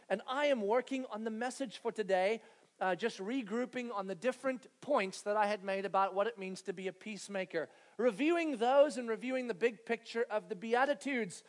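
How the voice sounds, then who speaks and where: Guy in his 30s preaching, really high voice, acts out scenes loud and animated. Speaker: pastor. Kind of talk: sermon storytelling.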